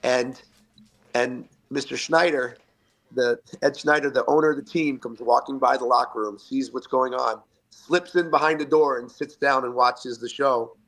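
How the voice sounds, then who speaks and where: A man in his fifties, a retired hockey player, telling animated locker-room stories as a podcast guest and acting out the quotes. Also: medium pitch, normal speed. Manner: animated anecdotes with acted-out quotes. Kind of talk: storytelling interview.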